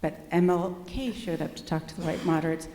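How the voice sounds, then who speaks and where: A woman's voice: lowish voice, a little fast, mellow. Hesitant woman speaking in an echoey hall. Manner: hesitant, many fillers, earnest. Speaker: audience member asking a question. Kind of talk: question from the floor. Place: church hall.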